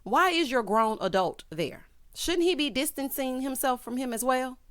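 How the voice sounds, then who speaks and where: A woman's voice: high-pitched, lively intonation, moderate pace. A woman recapping a reality show in sassy, sarcastic casual talk, calling listeners honey and child and mocking the cast in exaggerated voices.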